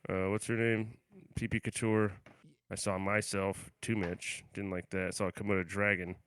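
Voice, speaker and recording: Bright punchy dude on a podcast call, crude mock-angry banter, mumbly then suddenly loud. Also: male voice, on the low side, flat delivery, normal speed, smooth, no room sound. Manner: mock-aggressive, crude, swings from mumbling to loud hype greetings. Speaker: podcast co-host. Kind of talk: casual comedic banter. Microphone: remote podcast call.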